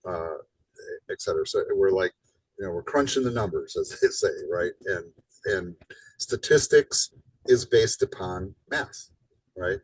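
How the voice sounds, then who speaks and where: A man's voice: fairly low pitch, slightly rough, no echo, recorded from a distance, poor audio. A man teaching a live college class in a casual lecture style, tagging points with "right?" and playing up his emphasis. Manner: casual, rhetorical "right?" tags, animated emphasis. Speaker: college instructor.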